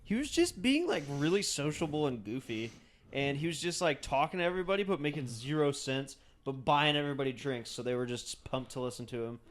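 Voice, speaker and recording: A man's voice: fairly high pitch, lively intonation, a little fast. A man hosting a podcast, chatting casually and telling a rambling story. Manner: rambling storyteller, quiet, laughs at own bits. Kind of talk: casual chat. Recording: faint background hiss.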